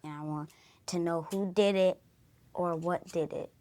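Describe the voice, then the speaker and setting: A young co-host speaking earnestly and softly in casual chat with her mother. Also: on the low side, fairly even intonation, measured pace. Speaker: podcast co-host, daughter.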